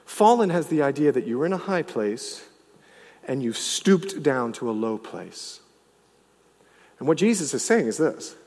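A male pastor preaching a sermon, swinging from loud, emphatic lines to hushed, low ones. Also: big pitch swings, unhurried, big-room sound.

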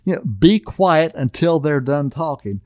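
Folksy pastor, dry close sound. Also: male voice, on the high side, lively intonation, unhurried, no room sound. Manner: folksy, repeatedly asks "okay?". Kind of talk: conversational marriage sermon.

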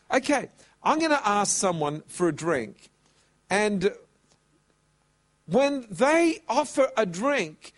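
A man preaching a sermon, telling a story and stretching out words for emphasis. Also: extremely high pitch. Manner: animated, drawn-out emphasis.

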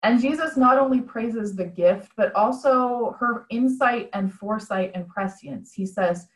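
A woman's voice: fairly high pitch, a little slow, reverberant, poor audio. A woman preaching a conversational sermon over a video call, retelling a story in a plain-spoken, reflective way.

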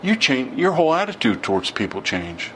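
A man's voice: medium pitch, very animated, brisk, a little hiss or hum. A middle-aged man giving an informal sermon, telling stories in a conversational way and acting out the dialogue. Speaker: preacher.

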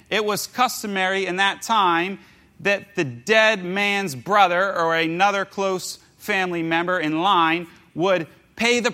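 Bright high-voiced animated male preacher. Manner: animated, jokey, acts out voices of the story people. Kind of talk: casual sermon storytelling.

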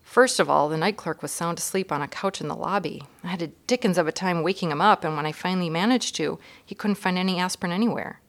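A woman's voice: fairly low pitch, fast talker, few pauses, natural voice. A woman voicing an exasperated, helpless father in a children's storybook reading. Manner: exasperated, earnest.

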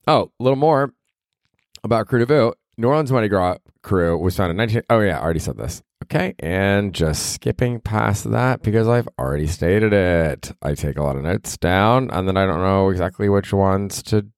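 A man with a very low voice talks alone into a mic, rambling loosely and making fun of himself, with the odd swear tossed in. The sound is dry and close, with no room around it. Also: animated, normal speed, hardly any pauses, clear, resonant tone, no echo. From Cleveland, Ohio. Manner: rambling, self-deprecating, swears casually. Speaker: podcast host. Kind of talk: solo podcast monologue.

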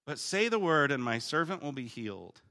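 Bright-voiced man teaching scripture casually. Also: medium pitch, normal speed. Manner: casual, animated, paraphrases scripture in slangy voices; swings between loud emphatic bursts and quiet reading. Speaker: preacher teaching on the Gospel of Luke. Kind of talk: conversational Bible teaching.

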